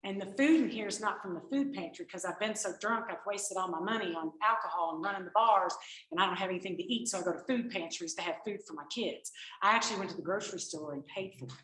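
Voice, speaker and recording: A woman's voice: medium pitch, fast talker. A woman gives a personal recovery testimony to a group, telling stories and acting out the conversations she quotes. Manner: animated storytelling, acts out quoted exchanges. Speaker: recovery speaker. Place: meeting room. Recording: echoey room.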